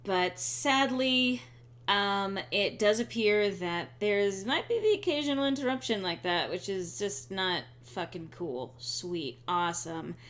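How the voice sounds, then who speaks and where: A woman's voice: mid-range voice, expressive, measured pace, a bit bright. A young woman streaming a game, chatting casually with sarcastic asides and frequent ums. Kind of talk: casual let's-play chat.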